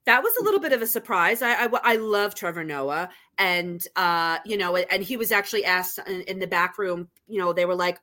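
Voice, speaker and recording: A woman's voice: mid-range voice, lively intonation, fairly quick, hardly any pauses, pushed and bright. A woman co-hosting a podcast, chatting casually and gushing with enthusiasm about an awards show. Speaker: podcast co-host. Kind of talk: casual awards recap chat.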